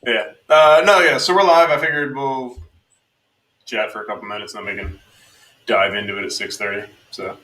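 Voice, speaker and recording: A man's voice: mid-range voice, steady tone, normal speed, sharp tone, echoey room, distant mic, low-quality recording. A man from New Jersey hosting a casual live chat, talkative, with frequent laughs and fillers. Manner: chatty, laughs often, many fillers. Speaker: host.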